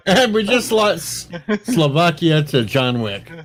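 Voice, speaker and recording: A man in a casual stream chat, making slow, dry wisecracks. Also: fairly high pitch, big pitch swings, fairly bright tone.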